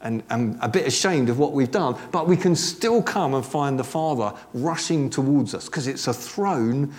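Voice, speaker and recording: A man preaching a sermon in a conversational, animated way, dropping joking asides to a congregation that answers back. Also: medium pitch, moderate pace. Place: church service with congregation responding.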